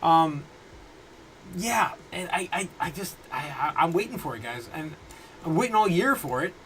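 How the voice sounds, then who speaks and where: Guy in his 30s doing a crypto livestream at home, rambly, lots of stop-start and laughing, slightly high voice. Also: lively intonation, fairly bright tone, a little hiss or hum, low-quality recording. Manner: rambling, halting restarts, frequent laughs. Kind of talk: casual livestream chat reading viewer comments. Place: home room.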